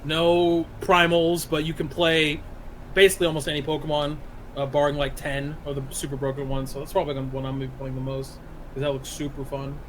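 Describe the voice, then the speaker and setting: A man's voice: a little high, completely flat delivery, a little fast, a bit bright, slight background noise, low-quality recording. A man co-hosting a casual podcast, explaining things in a laid-back way. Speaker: podcast co-host.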